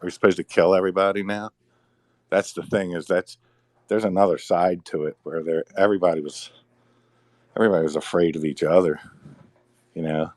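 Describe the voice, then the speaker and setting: Man, middle-aged, very deep voice, rambling casual talk, repeats himself, dry close sound. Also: steady tone, a little fast, long pauses, a little mellow, no echo. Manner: rambling, repeats words, sighs. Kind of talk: casual chat.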